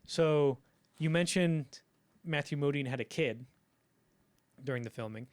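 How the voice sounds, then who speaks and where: A man co-hosting a film history podcast, telling behind-the-scenes anecdotes in a casual, animated way and acting out the quotes. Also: a little high, a little slow. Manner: animated storytelling, acts out quoted lines. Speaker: podcast co-host.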